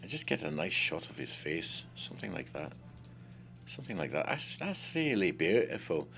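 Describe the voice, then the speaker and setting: A man giving a casual screen-recorded software tutorial, excitable and talking to himself with playful swearing. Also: low voice, normal speed, creaky.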